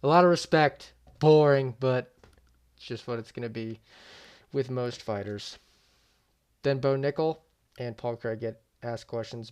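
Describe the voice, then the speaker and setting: A man's voice: medium pitch, warm tone. A young man giving casual, slangy reaction commentary, swearing freely and often trailing off mid-thought. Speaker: YouTube MMA commentator.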